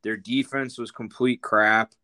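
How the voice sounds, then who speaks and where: A man co-hosting a sports podcast, his thoughts coming out in halting bursts full of fillers. His voice sits low and sounds smooth and clean. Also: fairly even intonation, sharp tone. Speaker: podcast co-host. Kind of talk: sports talk chat.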